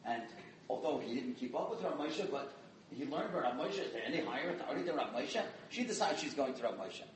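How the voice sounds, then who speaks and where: A man giving an inspirational sermon as a dramatic storyteller, dropping to hushed tones and rising to loud emphasis. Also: medium pitch, lively intonation, fast, slight background noise. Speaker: guest speaker. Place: community event hall. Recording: echoey hall from far off, faint ambience.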